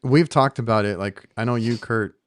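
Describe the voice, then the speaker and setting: A man's voice: medium pitch, moderate pace, no echo. An American man co-hosting a casual podcast, a working HVAC technician who talks in a loose, rambling way with frequent restarts. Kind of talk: casual chat.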